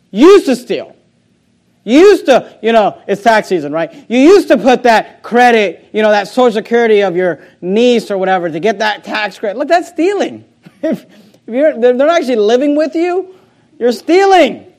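A man's voice: high voice, lively intonation, moderate pace, a little mellow. A pastor preaching a sermon, emphatic and repeating words as he drives his points home.

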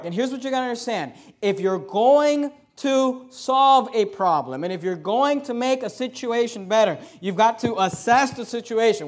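A married man preaching a sermon as a pastor, reading scripture slowly and then talking frankly to the congregation. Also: very high-pitched, lively intonation. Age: adult, married. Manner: preaching with rising emphasis, then dropping to a confiding tone; reads scripture slowly and deliberately.

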